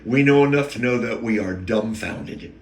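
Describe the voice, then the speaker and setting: A man's voice: mid-range voice, normal speed, slight background noise. A man hosting a rambling, emotional spiritual monologue, often wandering off topic and catching himself. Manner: digressive, emotional, self-interrupting. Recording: echoey room.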